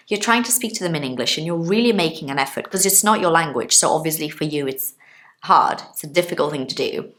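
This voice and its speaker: A woman in her thirties giving a casual online English lesson, chatting to her viewers, explaining words with everyday examples and checking in with them. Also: low voice. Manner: chatty, explains with examples, asks listeners questions. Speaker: English teacher.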